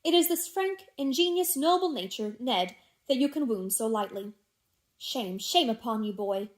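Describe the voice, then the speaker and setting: Scheming older gentleman, silky and falsely tender, read by a woman, audiobook. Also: on the high side, lively intonation, normal speed, lightly acted. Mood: mock-indignant.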